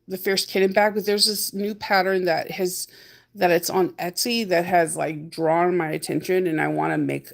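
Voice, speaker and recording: A woman's voice: medium pitch, vocal fry. A woman chats through a casual daily vlog from her car, rambling from one thing to the next. She laughs often and acts out little moments from her day as she talks. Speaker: vlogger. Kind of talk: casual chat.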